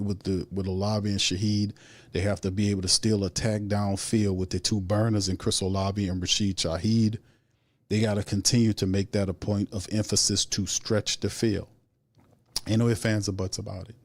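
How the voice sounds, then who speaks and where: A man hosting a sports show, giving heated, opinionated commentary that rises into exasperated outbursts. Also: lowish voice.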